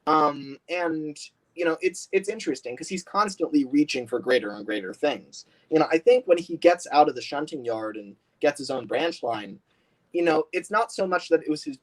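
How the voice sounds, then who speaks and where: Male stream host, upbeat and chatty, somewhat high voice with big pitch swings, frequent laughter. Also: moderate pace, low-quality recording. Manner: animated, laughs often, many fillers. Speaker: livestream host. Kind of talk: casual livestream chat.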